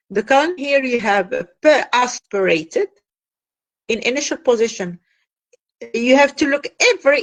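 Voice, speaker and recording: A woman teaching linguistics in a classroom lecture, explaining step by step with frequent fillers and repeated phrases. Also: on the high side.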